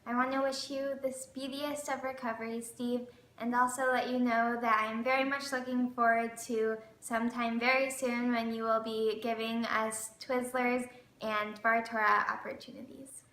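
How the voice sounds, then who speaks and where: A woman giving a polite, measured get-well message on behalf of her family. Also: a little high, little pitch movement, a bit bright. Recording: echoey room.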